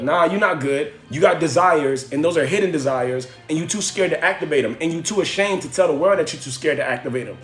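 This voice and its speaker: A man's voice: a little high, a little fast, hardly any pauses, reverberant, faint music behind. A man hosting a livestream from home, giving a slangy, preachy motivational talk that repeats phrases for effect. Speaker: livestream host.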